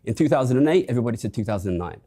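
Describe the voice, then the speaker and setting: Rapid-talking male debater, 30s, mellow dark tone, rhetorical. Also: medium pitch, expressive. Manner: emphatic, rhetorical. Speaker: economics commentator. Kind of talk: debate argument.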